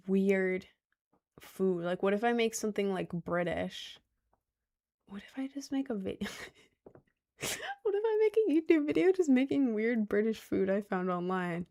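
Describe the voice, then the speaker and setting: A woman's voice: medium pitch, big pitch swings, measured pace, long pauses, darkish tone. A young woman streaming and reading her chat, giggly and rambling, full of slang and self-conscious asides. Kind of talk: casual live-stream chat.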